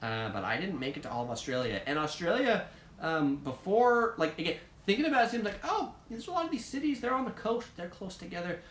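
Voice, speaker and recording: A man's voice: high voice, very animated, brisk, fairly bright tone, reverberant, slight background noise. An American man hosting a casual live chat and answering viewer comments, rambling along with lots of ums, uhs and likes. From United States.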